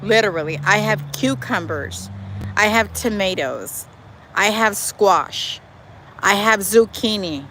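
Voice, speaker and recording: A woman hosting a casual live stream outdoors in her backyard, talking to viewers in a lively, chatty way and calling them y'all. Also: medium pitch, slow pace, low-quality recording. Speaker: livestream host. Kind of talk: casual live chat reading viewer comments. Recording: faint outdoor noise with traffic.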